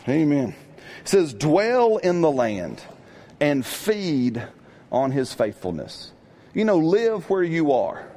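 A middle-aged man preaching a sermon in a lively, conversational way, often asking his congregation questions. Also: on the high side, takes it slowly. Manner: animated, call-and-response with congregation. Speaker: pastor.

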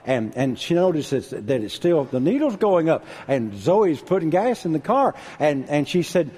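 Older preacher guy, husky, voice jumps all over, hushed then loud. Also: a little high, normal speed, hardly any pauses. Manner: animated preaching, drops to a hush then shouts out. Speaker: pastor. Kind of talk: sermon.

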